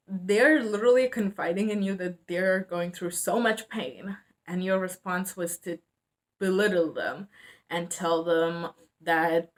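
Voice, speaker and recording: Earnest young woman, hesitant vlog talk. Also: on the low side. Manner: earnest, hesitant, frequent fillers and restarts. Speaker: mental health vlogger. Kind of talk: casual emotional talk to camera.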